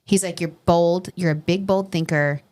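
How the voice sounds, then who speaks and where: A middle-aged woman with a New York accent, hosting a podcast as a casual chat and telling animated stories. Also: fairly low pitch, normal speed. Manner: animated storyteller, quotes people in voices. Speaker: podcast host.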